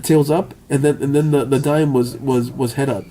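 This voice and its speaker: A man's voice: mid-range voice, steady tone, normal speed, heavy background noise. A man telling a rambling, profane story, stammering and repeating words as he goes and often laughing. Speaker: vlogger. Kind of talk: rambling monologue.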